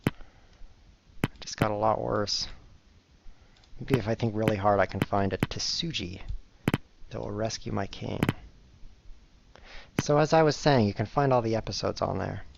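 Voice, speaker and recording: A man's voice: on the low side, unhurried, creaky, pauses often. A man streaming chess live, chatting casually to viewers in a rambling, self-mocking way as he plays. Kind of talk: casual live-stream commentary while playing. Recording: dull lo-fi recording with faint noise.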